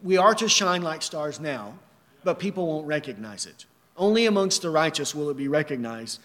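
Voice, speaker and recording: High-voiced man preaching in a reverberant hall. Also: lively intonation, moderate pace, fairly bright tone. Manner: earnest, emphatic, repeats rhetorical questions. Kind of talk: sermon.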